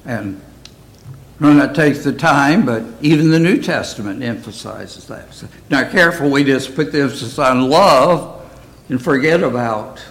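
A man's voice: medium pitch, unhurried, a bit bright, low-quality recording. A man teaching a Bible study in a plain, conversational way, often asking his listeners questions.

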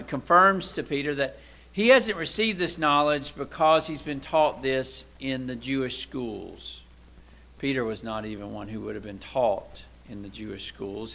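There's vocal fry in the voice of this man preaching a conversational sermon. He asks rhetorical questions of those listening, swinging from loud, emphatic delivery to quiet, low asides.

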